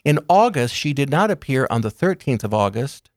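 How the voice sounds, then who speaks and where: Man guest, mid-pitched, calm explainer, unhurried lists; dry booth sound. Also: dry recording. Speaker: guest speaker on religious topics. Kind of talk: calm explanatory interview talk.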